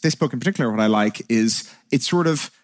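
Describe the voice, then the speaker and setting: A man's voice: mid-range voice, expressive, quick pace. A man, a tech company co-founder, answering interview questions in a fluent, conversational way with frequent "you know" fillers.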